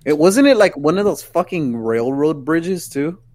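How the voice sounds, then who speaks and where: A young man on a casual podcast, loose and profane, his voice climbing and dropping all over the place. He sits a bit high for a guy and breaks into laughter often. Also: measured pace, no room sound. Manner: swearing, laughing a lot, animated. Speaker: podcast co-host. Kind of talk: casual chat.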